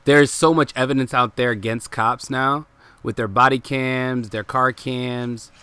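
A man's voice: mid-range voice, steady tone, unhurried, pushed and bright, clean tone. A man co-hosting a podcast in laid-back casual chat, often hesitating with fillers. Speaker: podcast co-host.

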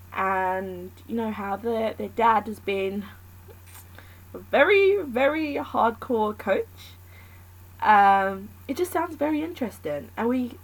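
A woman's voice: mid-range voice, low-quality recording. Candid woman rambling in casual chat. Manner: candid, rambling, thinks aloud.

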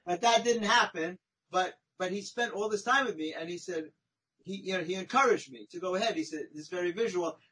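Guy with a kinda high raspy voice spinning a story on a podcast, chatty, keeps saying right? you know?. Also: a little fast, poor audio. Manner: animated, chatty anecdote telling with frequent "right?" and "you know?". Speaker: podcast guest. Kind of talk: conversational storytelling.

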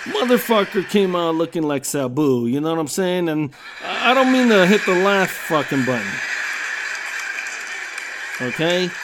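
A man's voice: high-pitched, sing-song, measured pace, background noise. Profane, rambling podcast host man. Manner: swears constantly, repeats you know what I'm saying. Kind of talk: profane comedic storytelling.

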